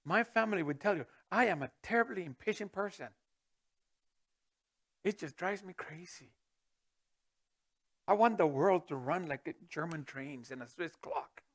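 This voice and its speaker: A middle-aged man preaching a sermon as pastor, swinging from booming to hushed with chuckling asides. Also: expressive, normal speed, long pauses.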